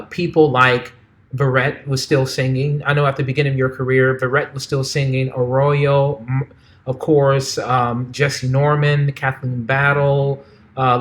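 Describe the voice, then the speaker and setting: A man's voice: mid-range voice, flat delivery, unhurried, fairly bright tone. A man hosting an interview, asking long, winding questions with many restarts. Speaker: host.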